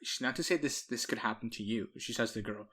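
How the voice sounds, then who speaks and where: Young guy podcast cohost, telling a story all animated, laughs a lot. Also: mid-range voice, quick pace. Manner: animated, acts out quotes, laughs often. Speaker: podcast co-host. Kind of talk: casual storytelling chat.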